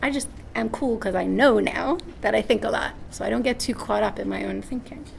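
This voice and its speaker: Speaking very animatedly before a seminar-room audience, this woman shares parenting anecdotes, performs different voices, and keeps asking "right?" Her pitch sits in the middle, her pace runs a little fast, and her voice has some vocal fry. A faint hiss or hum can be heard.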